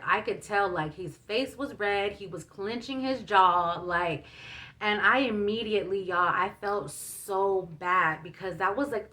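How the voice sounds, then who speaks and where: A young woman vlogger with a medium-pitched, sharp voice recounts a personal story casually and emotionally, her chatty speech full of fillers.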